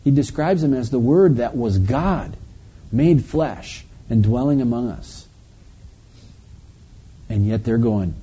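A man preaching, reading scripture aloud slowly and then explaining it in a conversational way. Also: mid-range voice, animated, warm tone, husky. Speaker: pastor. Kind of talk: verse-by-verse Bible teaching. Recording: dull lo-fi recording.

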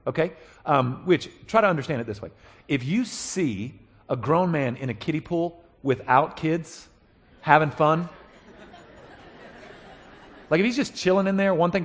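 A male pastor preaching a conversational sermon, animated, checking in with his listeners and acting out quoted voices. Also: fairly high pitch, moderate pace, breathy edge.

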